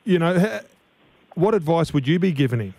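A man's voice: fairly high pitch, lively intonation, brisk, a little mellow, no echo. A man with an Australian accent on a sports radio panel, friendly and joking as he asks questions. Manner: jokey, friendly. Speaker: radio panellist, former player.

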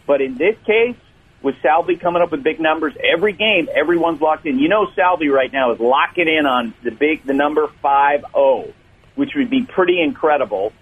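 A man's voice: on the high side, expressive, moderate pace, breathy edge. A male sports reporter calling into a radio show, talking baseball in a joking, conversational way over the phone. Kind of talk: casual sports talk radio. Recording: phone line.

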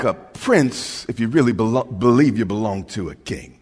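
A male preacher delivering a sermon emphatically, swinging from hushed lines to shouting. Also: fairly low pitch, expressive, moderate pace, slightly rough. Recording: reverberant church hall.

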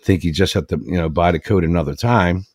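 A low-voiced man hosts a talk show and tells a long story in an earnest, rambling way, restarting phrases as he goes. The sound is dry and close to the mic. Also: fast, no room sound. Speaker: radio show host.

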